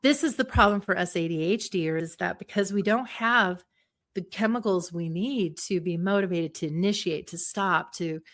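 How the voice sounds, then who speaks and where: A middle-aged woman psychologist, a guest on an interview show, explains ideas in a lively, animated way, acting out little voices and examples. Her voice is lowish and she speaks at a normal speed.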